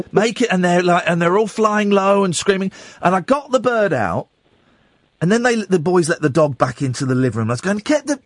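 A man hosting a radio phone-in, telling stories with lively energy and acting out voices. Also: high voice, dry recording, clean studio sound. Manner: animated storytelling, acts out voices. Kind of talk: late-night radio phone-in chat. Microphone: studio microphone.

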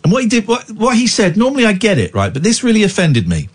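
A man's voice: high voice, huge pitch swings, fast, husky. A man hosting late-night talk radio, chatting with a caller and ranting indignantly about a spat online. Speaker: radio host.

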